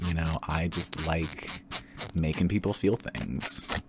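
A man rambling candidly and campily in a relaxed ASMR chat, drifting into soft whispers, tired and a little tipsy. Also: extremely low pitch, slow, heavy background noise. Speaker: ASMR creator.

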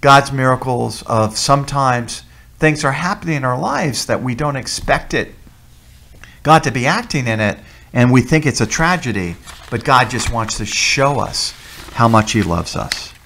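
A man preaching as a deacon who tells personal testimony stories in an animated way, repeating key words for emphasis. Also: medium pitch, measured pace, gravelly. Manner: animated storyteller, emphatic repetition.

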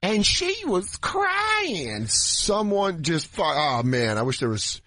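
A man co-hosting a podcast in his thirties, with a husky voice whose pitch swings freely. He trades crude jokes in relaxed, casual comedic banter. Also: slow pace, dry recording, studio quality. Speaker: podcast co-host.

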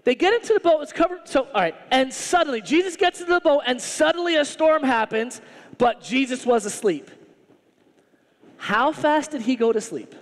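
A male pastor preaching a sermon in an animated, humorous, conversational way. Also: very high voice, moderate pace, in a large hall.

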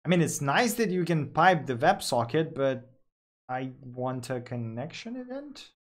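A man's voice: mid-range voice, sing-song, a little slow. A man talking through live coding on screen, thinking aloud with fillers and self-corrections.

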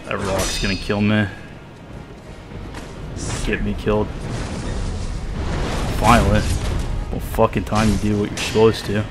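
A man's voice: lowish voice, little pitch movement, a little slow, long pauses. A man giving gameplay commentary, swearing often and muttering in exasperation. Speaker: gamer. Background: game music.

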